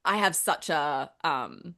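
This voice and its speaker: An Australian woman co-hosting a casual podcast chat. Her voice sits a little low but swings up and down with lively energy. She talks chattily and wanders off on tangents. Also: takes it slowly, gravelly, a crowd in the background. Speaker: podcast co-host.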